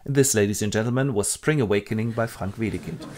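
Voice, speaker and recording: A man hosting a comic retelling of a classic play, with wry deadpan asides. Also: lowish voice, quick pace, heavy background noise. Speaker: host.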